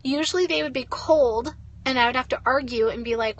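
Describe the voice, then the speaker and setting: A woman's voice: high voice, fairly quick, lo-fi sound. A young woman giving a blunt, ranting motivational talk as a network marketing leader, swearing and saying "like" a lot.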